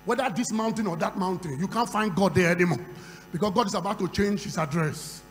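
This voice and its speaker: A man preaching a sermon at a conference, moving from quiet storytelling to loud shouting. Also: high-pitched, brisk, faint music behind. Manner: acts out dialogue in a conversational storytelling voice. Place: large conference hall. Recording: reverberant hall with faint hum.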